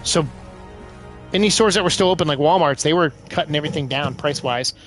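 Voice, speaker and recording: A man giving casual let's-play commentary, exclaiming loudly as he plays. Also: a little high, quick pace, faint music behind. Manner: excitable, loud bursts of exclaiming while playing. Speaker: gaming streamer.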